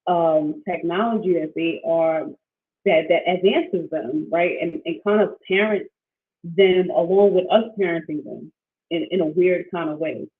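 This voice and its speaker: A woman hosting a casual livestream as a coach, talking in a rambling, animated way with many restarts and fillers, reading out viewer comments. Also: on the low side, unhurried. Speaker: financial wellness coach, livestream host. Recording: tinny phone-like sound.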